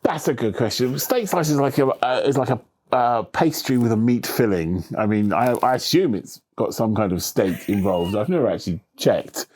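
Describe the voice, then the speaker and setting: A man talking in a relaxed interview, telling stories with lively swings in his voice and slipping into little voices for the people he quotes. His voice sits at an ordinary middle pitch, and his chatty delivery has the odd casual swear. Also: normal speed. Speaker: author being interviewed.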